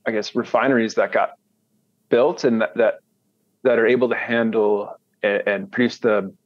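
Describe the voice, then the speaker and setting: A man's voice: lowish voice, no echo. Rambling American man, dull dry sound. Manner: rambling, many restarts. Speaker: guest, commodity trader. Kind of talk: casual interview talk.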